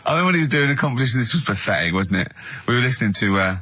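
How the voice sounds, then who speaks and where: A man's voice: mid-range voice, lively intonation, rapid-fire, sharp tone, slightly rough, no room sound, studio quality. A man co-hosting a comedy radio show, giggly and mischievous. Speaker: radio co-host.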